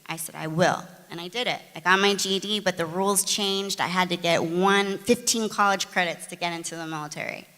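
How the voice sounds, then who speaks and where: A middle-aged woman from the United States, candidly telling her recovery story in a chatty, animated way, full of fillers and restarts. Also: lowish voice, a little fast, hardly any pauses, big-room sound. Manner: conversational, frequent fillers and restarts, animated retelling. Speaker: guest sharing her recovery testimony.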